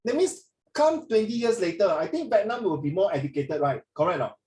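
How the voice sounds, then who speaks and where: A man, teaching a classroom lesson in an animated way and mixing in Mandarin. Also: sits high, fairly quick. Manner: animated, mixes in Mandarin, frequent "ah" tags. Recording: echoey classroom from a distance.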